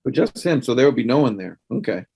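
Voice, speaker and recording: A man's voice: mid-range voice, expressive, fast, vocal fry, a little mellow, slightly rough. A man voicing Rutherford, a paranoid professor who stammers and restarts his words in a tabletop role-play game. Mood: planning.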